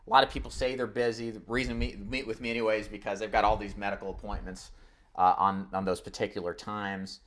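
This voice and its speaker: A man's voice: lowish voice, little pitch movement, quick pace, a bit bright. A man teaching insurance agents in a live online training, coaching with energy and acting out phone scripts. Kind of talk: live webinar sales training.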